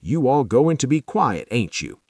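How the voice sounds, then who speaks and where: A man's voice: mid-range voice, big pitch swings, a little slow, darkish tone, slightly rough, no echo, studio quality, voice pushed up. A man voicing a teenage servant boy who minds the children, in rural Southern dialect speech. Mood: coaxing.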